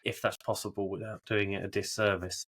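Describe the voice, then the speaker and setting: Low-voiced man asking a question. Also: level tone, brisk, fairly bright tone. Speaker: podcast host. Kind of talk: casual interview question.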